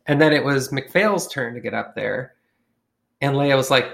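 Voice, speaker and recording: A man's voice: medium pitch, a little slow, gravelly, fairly bright tone. Man telling a profane, slangy story. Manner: profane, slangy, acts out characters with shifting voices. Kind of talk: casual comedic storytelling.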